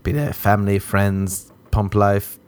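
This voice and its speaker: A young Irish man hosting a podcast, rambling through a comic, self-mocking monologue and sliding into high mock voices. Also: fairly even intonation, measured pace, clear, resonant tone. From Ireland. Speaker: podcast host. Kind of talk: casual comedic monologue.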